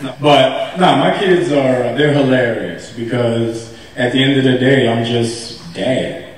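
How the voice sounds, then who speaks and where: A man on a convention stage telling funny stories in a casual, animated way, laughing and acting out what people said. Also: mid-range voice, unhurried, a little hiss or hum. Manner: animated, laughing, acts out quotes with a raised voice. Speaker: actor on a convention stage panel. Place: large convention hall. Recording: echoey hall, mic heard from a distance.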